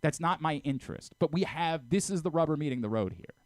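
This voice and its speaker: A man talking in a heated sports radio argument, lecturing and exasperated, often stumbling over his words as he restarts sentences. His pitch swings widely from high to low as he presses his point. The studio sound is dry and close. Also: animated, fast, no echo. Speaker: radio host and programming director.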